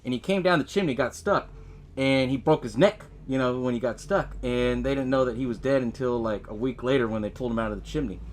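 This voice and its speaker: A man's voice: mid-range voice, fast talker, slight background noise. A man hosting a podcast, casually retelling a film's plot, swearing often and laughing along. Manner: laid-back, swears a lot, laughs often, acts out movie lines. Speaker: podcast host. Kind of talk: casual movie recap.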